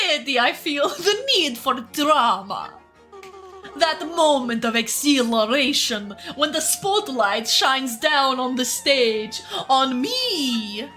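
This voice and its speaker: A woman plays a vain, theatrical female wind spirit in a video game, drawling her lines in a comically bad put-on Russian accent. The voice sits very high and bright and swoops around dramatically. Faint game music plays behind. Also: full character voice. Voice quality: deliberately terrible mock Russian accent. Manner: grand, dramatic, drawn-out delivery.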